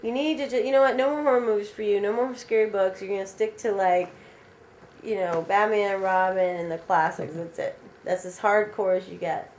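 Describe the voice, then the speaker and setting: A woman's voice: mid-range voice, fairly even intonation, fairly quick, darkish tone, a little hiss or hum, natural voice. A woman voicing an exasperated parent who scolds a teenage son in disbelief, within a told story. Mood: scolding. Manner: lecturing, disbelieving.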